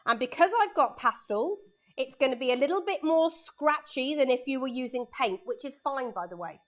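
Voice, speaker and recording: A woman's voice: high-pitched, lively intonation, moderate pace, fairly bright tone. A woman art teacher giving a live painting lesson for children in her studio, chatting and explaining each step as she draws, speaking into a lapel mic.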